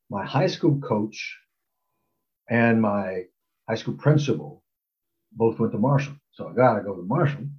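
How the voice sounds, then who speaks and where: A man's voice: fairly low pitch, muffled recording. Older man rambling through a memory. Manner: rambling, with fillers and lively acted quotes. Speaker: storyteller recalling his college recruitment. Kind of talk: casual spoken anecdote.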